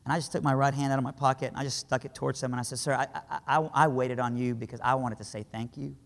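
A man from Iran telling a dramatic story to a crowd, swinging between hushed lines and impassioned cries. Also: mid-range voice, fairly even intonation, fast talker, vocal fry. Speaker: speaker. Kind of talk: storytelling sermon. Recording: hall reverb.

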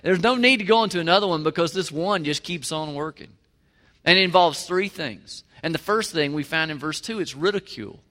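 This pastor's sermon comes across as chatty but emphatic, with many questions aimed at the congregation. He speaks briskly in a fairly high, bright, forceful voice. Sound lingers in the long reverb of a big hall.

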